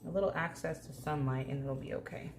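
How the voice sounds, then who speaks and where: A woman's voice: low-pitched, a little fast. A woman hosting a casual home plant-care vlog, chatty and jokey, talking to her plants as she works. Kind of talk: casual hands-on vlog chat. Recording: echoey room with faint hum.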